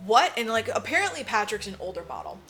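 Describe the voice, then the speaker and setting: A woman co-hosting a podcast casually recaps a film, acting out the characters' lines while swearing freely and leaning hard on "like." Her voice is medium-pitched and fairly bright, at a moderate pace, with slight background noise.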